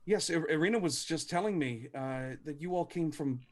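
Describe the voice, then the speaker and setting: A man voicing an excited young adventurer in a tabletop game, in his own plain voice with stammered restarts. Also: on the high side, normal speed, close to an everyday voice. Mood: eager friendly. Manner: hesitant, lots of stammered restarts. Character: young adult man from beyond the mists, eager and friendly. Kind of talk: tabletop game role-play.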